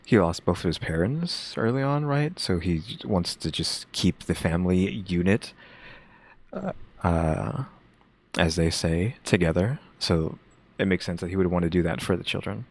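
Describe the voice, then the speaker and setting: A man with a very low, gravelly voice gives casual reaction commentary. He thinks aloud, stops and restarts, and circles back to his points. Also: normal speed. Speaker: reaction co-host.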